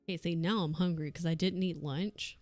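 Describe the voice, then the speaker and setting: A young woman streamer rambles through a story in a low-pitched, laughing voice. Her sound is dry and close, with faint music underneath. She chats casually to her viewers while crafting. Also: steady tone, fairly quick, a little mellow, no echo. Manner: laughs often, rambling anecdote with acted quotes.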